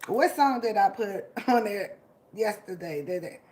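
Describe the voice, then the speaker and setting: A woman's voice: mid-range voice, animated, measured pace, darkish tone. A woman vlogger giving an emotional, motivational monologue, laughing often and swearing as she hypes up her listeners.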